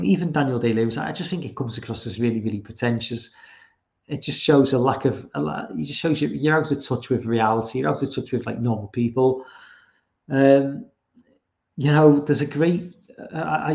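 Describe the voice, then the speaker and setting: A man hosts a casual podcast livestream, rambling and swearing with lots of ums, fillers and restarts. His mid-range voice is a little mellow, and the sound is lo-fi.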